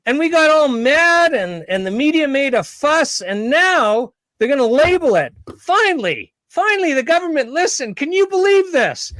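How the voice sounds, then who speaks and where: Man playing a gullible citizen squealing over a fake win, very high and sarcastic. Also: flat delivery, moderate pace, hardly any pauses, fairly bright tone, clean tone, no echo. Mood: giddy mock triumph. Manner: mocking, giddy sarcasm. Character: gullible, overjoyed citizen cheering a hollow win.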